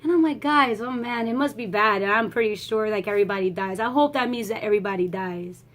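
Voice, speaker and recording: A woman's voice: mid-range voice, fast. A woman giving a casual, emotional movie review vlog, swearing freely and laughing as she talks.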